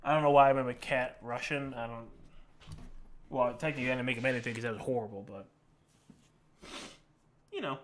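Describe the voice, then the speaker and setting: A man's voice: mid-range voice, fairly quick, pauses often, slight background noise. A young man chatting casually on a live stream, joking and self-deprecating as he talks to his cats and to viewers.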